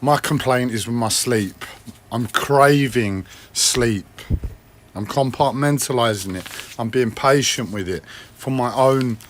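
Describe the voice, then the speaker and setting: On his personal livestream vlog, a man talks alone, rambling, criticising himself and swearing often while repeatedly clearing his throat and coughing. His voice is medium in pitch and a little slow, with slight background noise.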